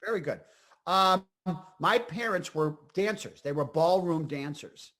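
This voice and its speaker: A man in his fifties from Scranton, Pennsylvania, an actor and comedian telling rambling, animated stories as an interview guest. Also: a little high, a little slow. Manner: animated, rambling, full of fillers and asides. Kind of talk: casual interview storytelling.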